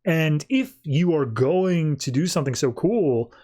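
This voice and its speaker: A man voicing a scheming female goddess of strife who flatters a villain in a sly, chatty way. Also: a little high, a little slow. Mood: wheedling.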